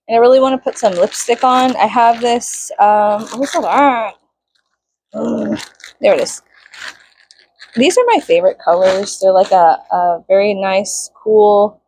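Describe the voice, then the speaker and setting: A woman's voice: mid-range voice, darkish tone, a little hiss or hum. A young woman vlogging casually, venting with lots of swearing and bursts of mock-outraged shrieking.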